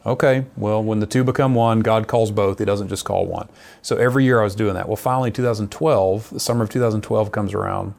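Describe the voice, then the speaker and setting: A middle-aged man, a missionary, telling his personal testimony in an earnest, lively conversational way. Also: on the low side, brisk, gravelly. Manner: earnest storyteller, lively retelling.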